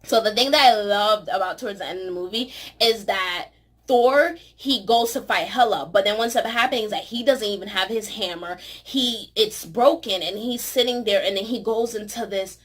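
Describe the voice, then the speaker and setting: A woman talking casually and excitedly in a vlog review, filling her talk with "you know" and "like". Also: mid-range voice, moderate pace. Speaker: movie reviewer.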